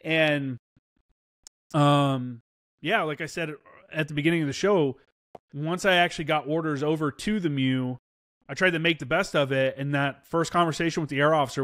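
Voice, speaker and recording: A man's voice: a little high, a bit bright, no echo, studio quality. A man in his thirties, a former Marine, telling war stories casually in an interview, swearing freely and acting out quoted dialogue. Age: 30s.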